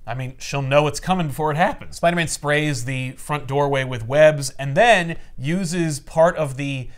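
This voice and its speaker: A man casually recapping a comic book with friends, acting out the characters in quick voices. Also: on the high side. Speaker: comic podcast co-host.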